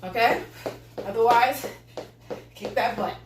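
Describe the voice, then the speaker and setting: A woman's voice: a little high, slow pace, recorded from a distance, noisy background. A woman leading a live home workout, cheering viewers on and greeting them as she exercises, out of breath. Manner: upbeat coaching, greeting viewers. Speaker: fitness instructor. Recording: echoey room, voice from afar.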